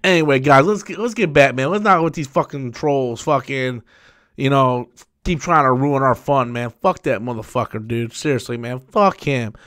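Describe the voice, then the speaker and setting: A man hosting a live stream, talking casually and profanely, repeating himself and quickly flaring into angry rants at viewers. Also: medium pitch, a bit bright. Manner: profane, repetitive, quick to anger. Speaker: livestream host.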